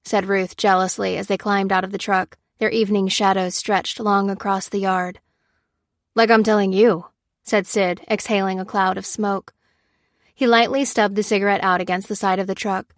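A woman's voice: mid-range voice, level tone, normal speed, no room sound. Dry, close woman narrator. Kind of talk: audiobook narration.

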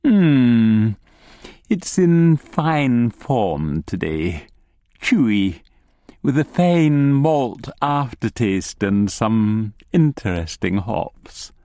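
A man voicing a sly, cryptic male gnome who speaks slowly and deliberately, in a hushed tone. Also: mid-range voice, lively intonation, no echo, studio quality. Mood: musing. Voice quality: slow, deliberate, hushed delivery.

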